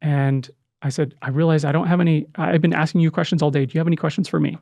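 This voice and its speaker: A middle-aged man telling an emotional personal story in conversation, earnest and halting, with many restarts. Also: on the high side, fairly even intonation, gravelly, darkish tone, no room sound. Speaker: podcast guest, adoptive father.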